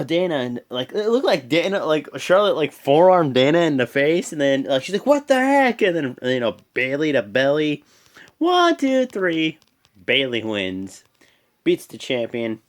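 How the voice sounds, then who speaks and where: A man hosting his own channel, giving a casual, rambling recap full of fillers and restarts, animated as he goes. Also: medium pitch. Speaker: host. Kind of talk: casual wrestling show recap.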